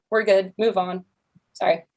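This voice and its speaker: A woman co-hosting a casual livestream chat, speaking in an earnest, gentle and slightly self-conscious way. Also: medium pitch, fairly even intonation, slow.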